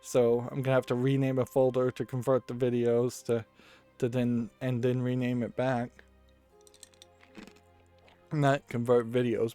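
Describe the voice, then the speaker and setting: A man's voice: medium pitch, flat delivery, moderate pace, dark tone, faint music behind. A man giving casual commentary while playing a card game, rambling and thinking aloud and often correcting himself. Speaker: let's play host.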